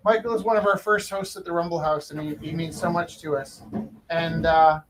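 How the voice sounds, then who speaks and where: Halting male stream host, slightly high voice. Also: steady tone, noisy background. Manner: halting, many restarts and fillers. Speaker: host and auctioneer. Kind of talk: casual live-stream storytelling.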